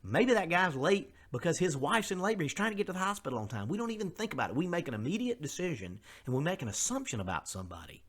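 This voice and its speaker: A man's voice: a little high, sing-song, fast talker, hardly any pauses, a bit bright. A middle-aged man, hosting a podcast in an earnest, conversational way and openly admitting his faults. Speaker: podcast host. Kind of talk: candid motivational podcast monologue.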